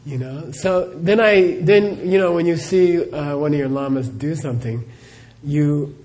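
A man's voice: on the high side, steady tone, unhurried, a little mellow. A middle-aged man, a Buddhist teacher, answering questions in a live talk as a chatty storyteller who laughs often and says "you know" a lot.

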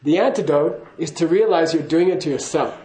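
A man's voice: fairly high pitch, brisk, warm tone, roomy sound, low-quality recording. A man giving a casual spoken teaching to a class, chatty and laughing, often checking in with "okay?". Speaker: Buddhist teacher.

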